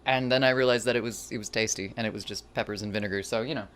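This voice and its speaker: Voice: medium pitch, steady tone, fast, a bit bright. A cooking streamer chatting casually with viewers while cooking, rambling and poking fun at their own mistakes. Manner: self-deprecating humor.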